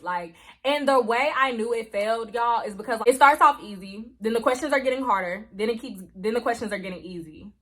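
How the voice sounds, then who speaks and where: A woman's voice: on the high side, a little fast, fairly bright tone. A young woman in her twenties telling a personal story to camera in a casual vlog, chatty and emotional, leaning on "like" and "y'all" as she goes from anxious to deflated. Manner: chatty, heavy use of "like" and "y'all". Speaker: vlogger.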